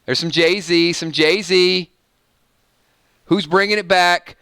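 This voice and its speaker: A man's voice: high voice, takes it slowly, smooth, dry recording, clean studio sound. A man hosting a casual live stream, playfully singing song snippets between chat with viewers. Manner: sings snippets of songs, playful and animated. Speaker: livestream host.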